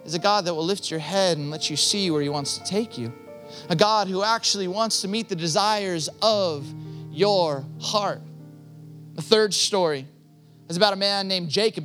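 A man's voice: high voice, bright, forceful tone. A man preaching a sermon, impassioned and direct, building to emphatic peaks as he speaks straight to the congregation.

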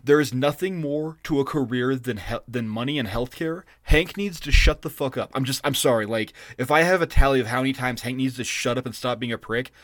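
A man's voice: medium pitch, brisk, hardly any pauses, fairly bright tone, no echo, clean studio sound. A man co-hosting a podcast, ranting and swearing in exasperated casual chat. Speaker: podcast co-host.

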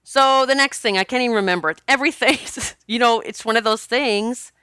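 A woman's voice: fairly high pitch, a little fast, pushed and bright, smooth, no room sound, studio quality. A woman talking to camera in a casual, confessional way, rambling and laughing as she goes. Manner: chatty, laughs often, rambling restarts. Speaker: spiritual vlogger.

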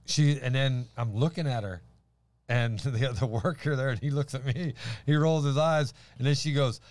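A man's voice: medium pitch, normal speed, no room sound. Laughing storyteller man, dry sound. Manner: animated, laughing storyteller with many restarts. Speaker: podcast co-host. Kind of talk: casual faith chat and storytelling.

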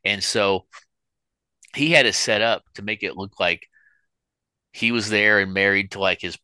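A middle-aged man with a low, bright, forceful voice rambles through stories in a casual chat, full of restarts. The sound is close and dry. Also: fairly even intonation, a little slow, clear, resonant tone, dry recording. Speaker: podcast co-host.

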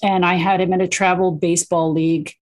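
A middle-aged woman speaks as a guest, her voice sitting a little low for a woman. She tells stories with animation, peppering them with "you know" and quick restarts. Her tone is casual and conversational. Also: flat delivery, a little mellow. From United States. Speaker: guest, children's book author and parent. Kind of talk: casual interview chat.

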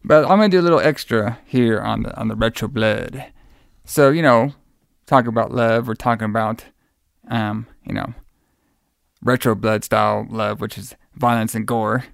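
A man's voice: lowish voice, normal speed, gravelly, no room sound, studio quality. A man hosting a podcast, chatting casually and telling a story in a rambling, enthusiastic way. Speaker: podcast host. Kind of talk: casual chat.

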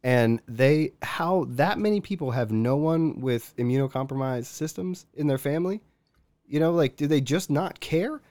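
A man co-hosting a casual podcast, talking in a relaxed way and sometimes searching for words. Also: a little high, moderate pace, no room sound. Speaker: podcast co-host.

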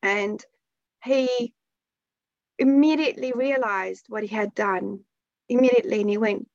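A woman telling a heartfelt story in an earnest way, with pauses and restarts, in a spiritual conversation. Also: fairly high pitch, creaky, darkish tone, no echo. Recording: dull lo-fi sound.

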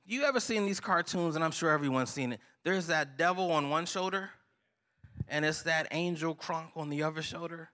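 A male pastor delivering a sermon in a high, bright voice. He keeps prompting his listeners with half-finished questions for them to answer back. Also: moderate pace. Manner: preachy call-and-response, asks the congregation to finish lines.

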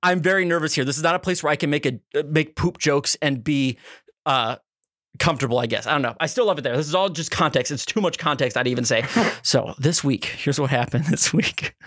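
Young man, podcast co-host, quick talker, slightly high voice, profane, animated storytelling, acts out quotes. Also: no echo, studio quality. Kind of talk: casual comedic storytelling.

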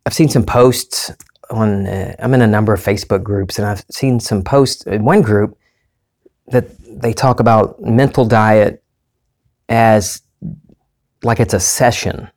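A man's voice: lowish voice, steady tone, a little slow, a little mellow. A man giving a candid personal monologue as a self-help speaker, earnest and confessional, rambling with restarts.

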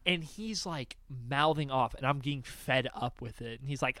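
A young man in casual chat, telling animated stories with lots of swearing and acted-out voices. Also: mid-range voice, a little fast, few pauses, dry recording.

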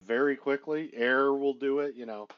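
A man's voice: medium pitch, steady tone, normal speed, dull audio. A man co-hosting a casual movie review podcast, retelling the plot in a wry, matter-of-fact way. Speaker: podcast co-host.

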